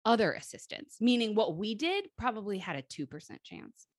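A woman's voice: mid-range voice, sing-song, moderate pace, no echo, clean studio sound. A woman in her thirties co-hosting a chatty podcast, talking bluntly and swearing freely. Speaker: podcast co-host. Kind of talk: casual chat.

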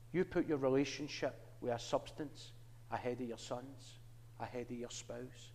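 A man's voice: medium pitch, moderate pace, darkish tone, in a large hall. A man with a Glaswegian Scottish accent giving an earnest presentation to a church audience, preaching with wry humorous asides. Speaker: Christian ministry worker.

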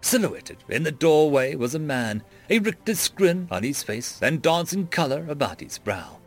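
A man narrating a fantasy story in a dramatic, expressive reading. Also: a little high, moderate pace, soft background music.

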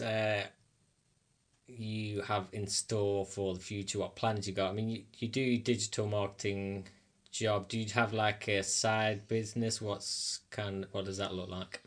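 A man hosting a podcast, chatting casually and agreeably and asking his guest open questions. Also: lowish voice. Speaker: podcast host. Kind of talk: casual interview chat.

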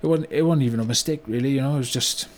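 An actor playing a remorseful older British business owner in a comedy monologue, with a rambling delivery full of "you know" and "right?". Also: male voice, medium pitch, very fast, a little mellow, slight background noise, natural voice. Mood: rueful. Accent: British English. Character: remorseful older male car yard owner, blunt. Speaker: business owner telling a story. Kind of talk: mock-documentary comedy monologue.

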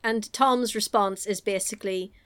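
A woman's voice: mid-range voice, fairly even intonation, normal speed, fairly bright tone, clear, resonant tone. Chatty giggly woman. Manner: chatty, giggly, acts out lines in silly voices. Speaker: podcast co-host recapping a film. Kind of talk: casual chat.

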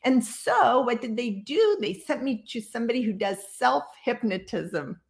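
A woman in her sixties from Iowa, a guest on a video call, telling her story in a lively, casual way and acting out the people she quotes. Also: fairly high pitch, moderate pace, gravelly. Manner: lively storyteller who acts out quoted dialogue. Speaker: guest psychic medium.

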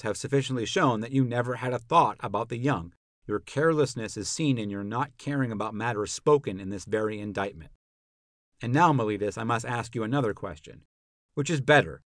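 A man's voice: mid-range voice, no room sound, studio quality, natural voice. A man voicing an elderly philosopher on trial, questioning his accuser in a rhetorical, pointed way. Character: elderly male philosopher on trial, probing and ironic. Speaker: podcast narrator. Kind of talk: dramatic reading of a classical dialogue.

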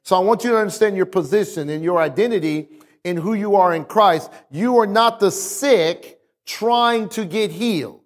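A man's voice: high-pitched, normal speed. A male pastor preaching a sermon emphatically, calling on his congregation to respond. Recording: long reverb of a large hall.

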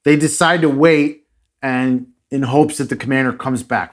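A man hosting a podcast, casually retelling a strange story with dramatic pauses and a few fillers. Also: mid-range voice, steady tone. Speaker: podcast host.

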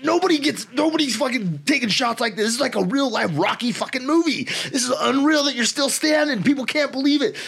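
A man voicing a drunk, rowdy corner man who shouts with excitement. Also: very high voice, fairly quick, gravelly, hardly any pauses, breathy edge, pitched above the performer's own voice, exaggerated voice. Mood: hyped, shouting.

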